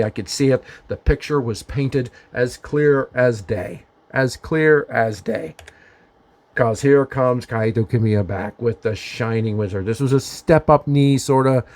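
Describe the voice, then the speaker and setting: A man's voice: mid-range voice, darkish tone. A man casually narrating and reviewing a wrestling match from home, chatty and opinionated with emphatic asides. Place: home during the daytime.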